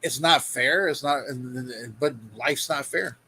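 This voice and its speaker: A man's voice: mid-range voice, a little slow, bright, forceful tone, slightly rough, rough recording. A man hosting a reaction video, giving blunt, profane advice in casual commentary. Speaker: vlog host reacting to a video.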